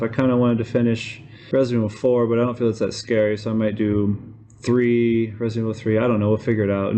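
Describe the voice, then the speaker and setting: A man's voice: medium pitch, mellow, dull audio. A young man hosting a podcast, chatting loosely and rambling about his streaming plans. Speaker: podcast host and game streamer. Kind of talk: casual podcast chat.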